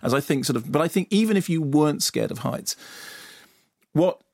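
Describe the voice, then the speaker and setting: Man, film critic, radio review, eager, stumbling restarts, gravelly, dry studio sound. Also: on the high side, lively intonation, normal speed, darkish tone, no echo. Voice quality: enthusiastic, lots of stumbles and restarts. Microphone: studio radio mic.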